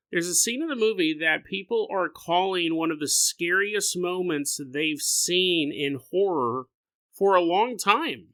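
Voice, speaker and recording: A man hosting a paranormal podcast, talking casually in a rambling, animated way and laughing often. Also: on the high side, no echo. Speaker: podcast host. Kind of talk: casual solo podcast talk.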